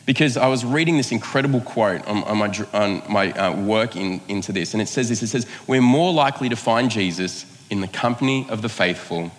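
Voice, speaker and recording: Low-voiced male preacher, relaxed and conversational. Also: a little fast, few pauses, long reverb tail. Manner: conversational, self-mocking, acts out quoted lines. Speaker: pastor. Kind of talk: sermon with personal storytelling.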